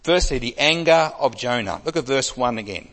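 A man preaching an expository sermon, emphatic, with wide swings between loud and soft. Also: medium pitch, animated, moderate pace. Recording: long hall reverb.

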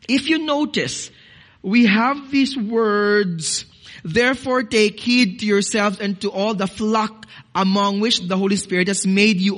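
A man's voice: high voice, a bit bright. A man, a pastor, preaching a sermon to his congregation. He cites scripture, repeats words, and stresses key phrases. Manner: addresses congregation as "dearly beloved".

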